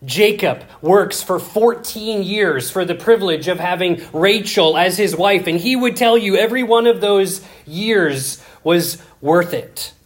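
A male preacher delivering a sermon at an unhurried, deliberate pace. He reads scripture with dramatic swings, rising loud for emphasis and dropping to hushed asides. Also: sits high, expressive.

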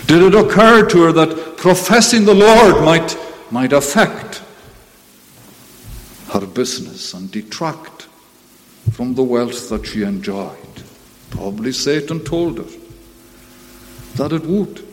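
Male preacher, sermon, lively swooping pitch, slightly high voice, long hall reverb, faint mains hum. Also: slow pace, long pauses. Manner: emphatic, rising to bursts when quoting scripture.

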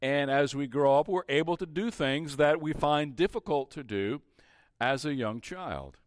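A man's voice: on the high side, measured pace, no room sound, studio quality. A man preaching a sermon as pastor, often asking the congregation questions and restarting his phrases. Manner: asks the congregation rhetorical questions; restarts phrases and repeats himself.

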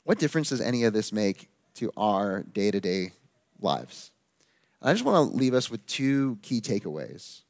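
A man preaching a sermon in an earnest, emphatic way, slowing down to stress key phrases. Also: fairly low pitch, sing-song, darkish tone.

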